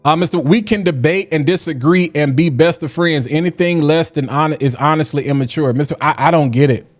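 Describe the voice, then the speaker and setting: A man's voice: on the high side, fairly quick, soft background music. A man hosting a casual livestream, talking in a preachy way and repeating lines for emphasis. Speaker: livestream host.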